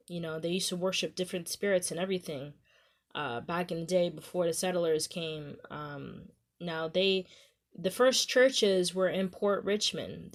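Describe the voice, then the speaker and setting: A young woman with a Staten Island New York accent, talking casually to her viewers in a rambling way, full of "you know" and "um". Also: on the low side. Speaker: vlogger. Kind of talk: casual talk to camera.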